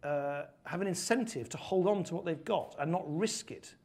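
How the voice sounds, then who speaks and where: Here a former politician from the UK, now a guest speaker, responds earnestly to interview questions and recounts stories with animation. The middle-aged man speaks British English at normal speed, his voice a little high with a darkish tone.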